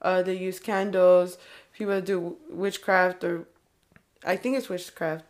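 A woman's voice: fairly low pitch, little pitch movement, measured pace. Rambling young woman, casual chat. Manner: rambling, heavy use of "like" and "um".

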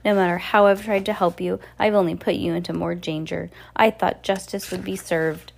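An earnest woman judge in a storybook, emotional and pleading, her voice lifted high as the woman reading puts her on. She speaks with urgency. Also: little pitch movement, moderate pace, gravelly. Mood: distraught.

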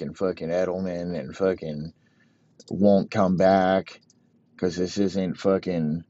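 A man's voice: sits low, flat delivery, slow, warm tone, lo-fi sound. A man giving a rambling, crude comedic rant, swearing constantly.

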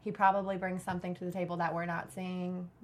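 A woman's voice: on the low side, flat delivery, fast talker. A woman co-hosting a casual chat, talking in a chatty, agreeable way.

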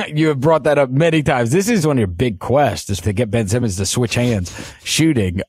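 Animated, husky-voiced man talking sports. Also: medium pitch, normal speed, dry recording, clean studio sound. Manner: animated, with loud put-on voices and laughter. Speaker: podcast co-host. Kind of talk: casual sports podcast chat.

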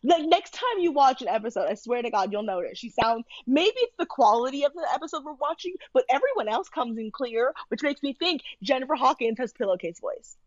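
A woman's voice: sits high, lively intonation, brisk, hardly any pauses, no room sound, lo-fi sound. A woman co-hosting a podcast, chatting casually and opinionated as she recaps a TV show with lots of fillers. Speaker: podcast co-host.

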